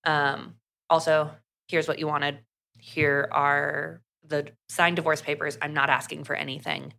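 A woman with a fairly low but bright, edged voice tells a book's story in loose conversation. She keeps slipping into quick acted lines for the characters between fillers. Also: little pitch movement, vocal fry. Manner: chatty, fast recap full of "like" and acted quotes. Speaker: podcast co-host. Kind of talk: casual book recap.

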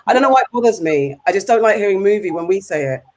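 A woman's voice: medium pitch, lively intonation, rapid-fire, darkish tone. A British woman co-hosting a casual podcast chat, ranting with animation and repeating herself. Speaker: podcast co-host.

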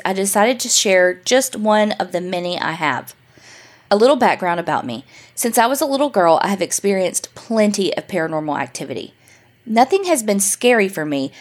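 A woman podcast co-host reading a listener's email story aloud in a steady storytelling voice. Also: medium pitch.

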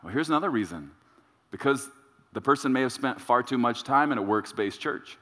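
A male pastor preaches a sermon in a medium-pitched, animated, bright, forceful voice, repeating points to drive them home. He uses dramatic pauses, and a long reverb suggests a large sanctuary.

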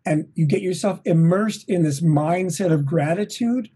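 A middle-aged man, a touring drummer, talking as an interview guest in an energetic, motivational way, swearing now and then. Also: high voice, normal speed, breathy edge. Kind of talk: casual interview. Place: home, at a desk.

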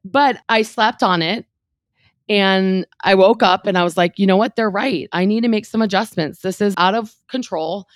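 A woman in her thirties, a real estate team leader, telling a candid personal story in an interview, animated and emotional, with lots of "like" fillers. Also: mid-range voice, moderate pace, no room sound, studio quality.

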